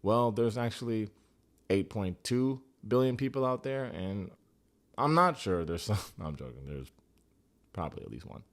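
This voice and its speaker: A man with a fairly low voice who hosts a comedic TV recap. He talks in a casual, profane, joking way, full of sarcastic asides. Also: lively intonation, normal speed. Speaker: recap show host.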